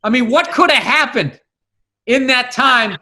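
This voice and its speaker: A man hosting a podcast, riffing emphatically in casual chat with halting restarts. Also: extremely high pitch, animated, pushed and bright.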